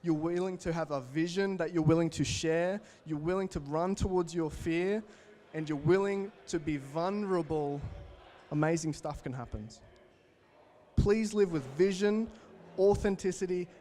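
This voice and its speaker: A young Australian man in his twenties gives an energetic motivational keynote talk, telling stories and addressing the audience directly. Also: on the high side. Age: 20s. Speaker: keynote speaker.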